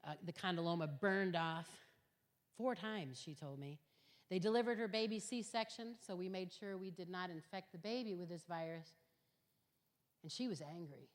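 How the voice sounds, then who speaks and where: A middle-aged woman giving an earnest Christian talk to high school students, telling stories emphatically and swinging from quiet to loud. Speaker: guest speaker at a high school. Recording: long hall reverb.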